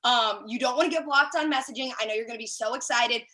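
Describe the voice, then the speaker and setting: A woman talks through a team sales training on a video call, bubbly and full of asides. Her voice sits fairly high, bright and forceful. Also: fast talker, rough recording. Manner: chatty and excited, many fillers and asides.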